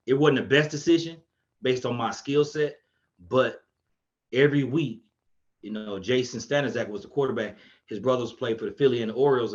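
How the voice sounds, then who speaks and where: Man, podcast guest, animated storyteller, medium pitch, dull lo-fi sound. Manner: animated, acts out quotes in a raised voice. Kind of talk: casual storytelling chat.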